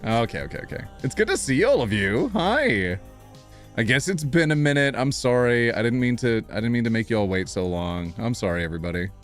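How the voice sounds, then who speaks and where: An excitable man chatting live to his viewers from a home office, his voice swooping up and down in pitch. He laughs often and breaks into happy squeals. Faint music plays underneath. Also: brisk. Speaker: livestream host. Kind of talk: casual live-stream chat.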